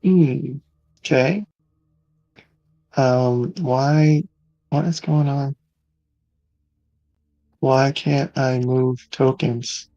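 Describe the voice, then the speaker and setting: A man's voice: mid-range voice, fairly even intonation, extremely slow, pauses often, mellow, dry recording, highs cut off. A man running an online tabletop game as game master, speaking hesitantly with many fillers.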